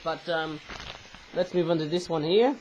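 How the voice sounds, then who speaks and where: A man's voice: on the high side, moderate pace, a little mellow, a little hiss or hum, low-quality recording. Chatty man with a cough. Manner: chatty, tags sentences with "eh?" and makes puns. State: coughing, getting over a flu and sore throat. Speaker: toy reviewer. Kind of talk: casual unboxing review.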